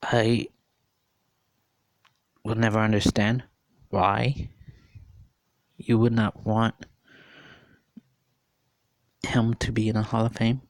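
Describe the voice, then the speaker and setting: A man's voice: lowish voice, level tone, slow, long pauses, dry recording. A man in his thirties giving an earnest, repetitive opinion monologue, often repeating and questioning. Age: 30s. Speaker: vlogger.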